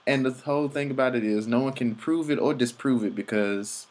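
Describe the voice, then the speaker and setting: A man's voice: mid-range voice, moderate pace, darkish tone. A young man telling travel stories in a loose, rambling vlog, full of fillers and swearing. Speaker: vlogger. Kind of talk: casual travel vlog narration.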